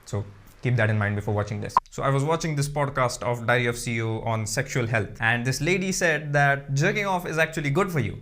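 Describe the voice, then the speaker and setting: A man's voice: mid-range voice, a little fast, a bit bright. A man doing crude, brash stand-up comedy alone to a camera, with no audience.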